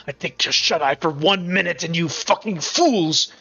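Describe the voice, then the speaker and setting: Man putting on a pompous old wizard, bullying, barks orders, bright lo-fi voice. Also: a little high, moderate pace, gravelly, exaggerated voice. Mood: scolding. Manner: pompous, scolding, shouting at underlings.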